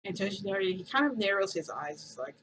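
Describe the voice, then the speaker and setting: A woman's voice: mid-range voice, expressive, fast, background noise. A woman vlogger casually telling a rambling story to her viewers, full of "like" and side remarks. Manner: rambling, chatty retelling with lots of "like".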